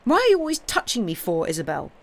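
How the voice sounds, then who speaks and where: A woman's voice: wildly swooping pitch, fast talker, vocal fry, a bit bright, full character voice. Woman doing a squealing young girl. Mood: peevish. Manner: squealing, high-pitched.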